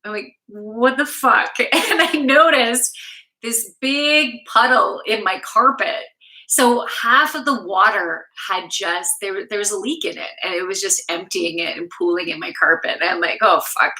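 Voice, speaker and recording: A woman's voice: mid-range voice, unhurried, bright, forceful tone, poor audio. A woman from Canada, a yoga instructor, chatting casually and candidly on a live stream from home, swearing freely and laughing often. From Canada, Toronto. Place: home room.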